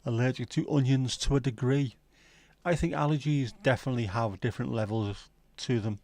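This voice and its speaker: A man's voice: mid-range voice, fairly even intonation, fairly quick, a little mellow, no echo. A man hosting a livestream, chatting casually and cheekily with viewers and reading out their comments by name. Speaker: livestream host.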